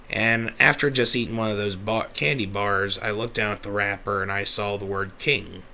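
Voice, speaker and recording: A man voicing a rough, uneducated, big-hearted young male pegasus, telling his own backstory in a rambling, self-correcting, easily flustered way. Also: fairly low pitch, pushed and bright, slight background noise, full character voice. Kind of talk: in-character storytelling.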